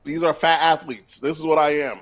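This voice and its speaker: A man's voice: fairly high pitch, steady tone, a little fast. A young man co-hosting a casual podcast chat, boasting and sometimes talking with food in his mouth. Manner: boastful, talks while eating. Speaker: podcast co-host.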